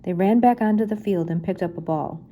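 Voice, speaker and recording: An older woman reading a children's chapter book aloud in a gentle, unhurried storytelling manner. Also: medium pitch, phone-quality sound, a little hiss or hum. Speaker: reader.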